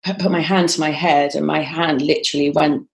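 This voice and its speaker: A woman guest on a podcast telling a personal story in a halting, conversational way, with frequent ums and restarts. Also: low-pitched, steady tone, gravelly.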